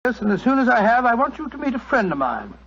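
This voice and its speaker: A genial old doctor. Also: male voice, very high voice, wildly swooping pitch, fast talker, a bit bright, slightly rough, exaggerated voice. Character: genial older male doctor, the detective's friend. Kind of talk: 1940s radio acting. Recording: dull lo-fi old radio recording.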